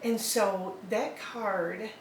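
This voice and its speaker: A middle-aged woman talking in a relaxed, rambling way, filling her pauses with ums and little laughs. She sits away from the microphone, so her voice carries a roomy echo. A faint hum of ambience sits behind her. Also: mid-range voice, recorded from a distance. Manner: rambling, hesitant, many ums and likes, laughs often. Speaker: adoptive mother, interview guest. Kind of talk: casual interview.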